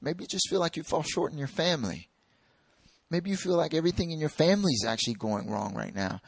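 Gravelly-voiced male preacher. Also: on the high side, animated, fast, dry recording, clean studio sound. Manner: conversational, acts out dialogue. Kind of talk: sermon.

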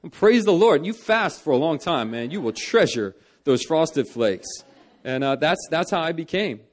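A man's voice: big pitch swings, normal speed. Earnest young male preacher. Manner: earnest, rising for emphasis and dropping low for solemn parts. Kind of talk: sermon. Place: church.

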